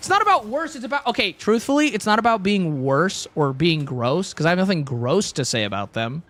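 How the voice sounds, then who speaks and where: A man's voice: sits high, sing-song, brisk, a bit bright. A young man streaming, chatting casually and rambling with jokes to his chat. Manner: rambling, joking, talks to chat.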